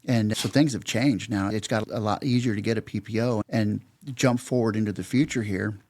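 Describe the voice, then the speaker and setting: A man's voice: on the low side, fairly even intonation, moderate pace, a little mellow. A man in his fifties from Los Angeles, a guest on an interview podcast. He tells long, rambling anecdotes in a casual way and retells what people said with "I go" and "he goes.". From Los Angeles, California. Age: 50s. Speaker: podcast guest, security company veteran.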